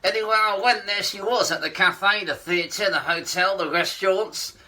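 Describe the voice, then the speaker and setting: A man voicing a cheeky, grumbling married male puppet in a ventriloquist comedy act, delivering deadpan one-liners about his wife. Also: high-pitched, moderate pace.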